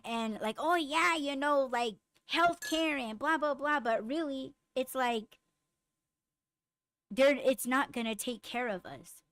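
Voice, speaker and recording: A woman hosting a podcast, chatting casually and bluntly with lots of swearing, getting raised and animated when riled. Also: a little high, smooth, no room sound. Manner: blunt, profane storytelling. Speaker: podcast host. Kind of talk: casual chat with live comments.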